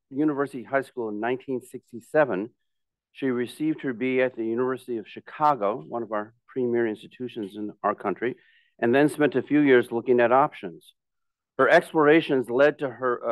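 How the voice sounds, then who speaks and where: A man reading new members' bios aloud at a club meeting in a plain, steady way, with brief friendly asides. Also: mid-range voice, dry recording. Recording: tinny phone-like sound.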